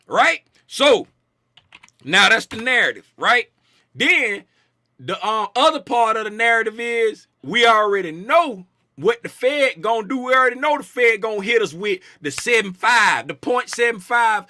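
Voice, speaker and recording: A man's voice: sits high, unhurried, no echo, studio quality. A man hosting a casual live stream about the market, joking with his chat in loose slang and repeating himself to drive a point home. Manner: playful, animated, reads chat names aloud and shouts bits of it. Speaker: trading stream host.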